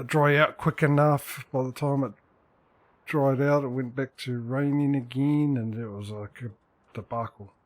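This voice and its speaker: A man's voice: mid-range voice, darkish tone. A man streaming a farming game, chatting casually and joking with his in-game workers. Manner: chatty, talks to in-game workers, dry jokes. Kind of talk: casual gameplay commentary.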